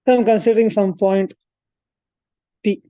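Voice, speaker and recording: Woman, maths tutor, mellow voice, dry close sound, talks through steps with fillers. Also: medium pitch, fairly even intonation, moderate pace, dry recording. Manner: explains step by step, thinks aloud with fillers and self-corrections. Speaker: maths coaching teacher. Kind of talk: classroom lecture at a board.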